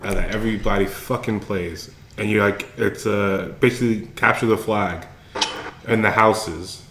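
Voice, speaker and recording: A man's voice: lowish voice, steady tone, normal speed, a bit bright. A young man, a podcast guest, chiming in with short remarks and casual swearing. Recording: echoey room, faint background noise.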